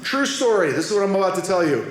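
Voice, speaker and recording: A man's voice: high-pitched, big pitch swings, fast. A man doing a stand-up comedy set on a club stage, telling punchy, self-deprecating stories. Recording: echoey club with audience noise.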